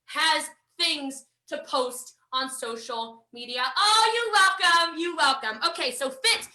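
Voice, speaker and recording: High, bright, energetic woman trainer. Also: roomy sound. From United States. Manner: fast, energetic, playful, talks straight to the audience. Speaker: network marketing trainer. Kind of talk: live online training talk.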